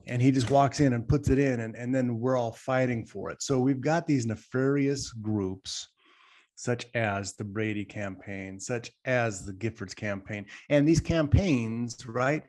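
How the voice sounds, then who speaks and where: A man of middle pitch co-hosts a casual podcast discussion. He talks emphatically and rambles, piling point on point and turning to speak straight to the audience. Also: unhurried, darkish tone. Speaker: podcast co-host.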